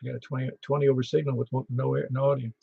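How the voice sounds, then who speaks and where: A man hosting a ham radio net in casual chat, chatty and quick to tell stories. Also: medium pitch, little pitch movement, vocal fry, warm tone, slightly rough. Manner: chatty, storytelling, laughs easily. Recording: muffled lo-fi radio audio.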